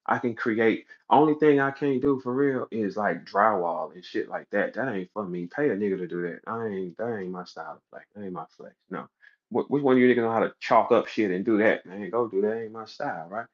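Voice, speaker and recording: This battle rap league runner goes off on a livestream, profane, cocky and worked up, with no script. His pace is a little fast, and acting out scenes sends his voice jumping up high. Sound quality is lo-fi and a bit dull.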